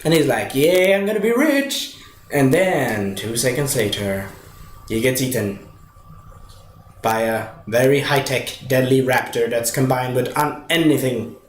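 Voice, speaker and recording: A man's voice: mid-range voice, measured pace. A man casually reviewing a movie, rambling with many fillers and restarts. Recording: echoey room with faint noise.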